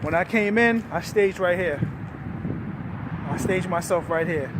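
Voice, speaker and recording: Agitated, profane truck driver ranting outdoors. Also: male voice, sits high, a little slow. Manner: profane, agitated, rising to shouts. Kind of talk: angry vlog rant. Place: outdoors by a truck at a loading yard. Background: faint vehicle and outdoor noise.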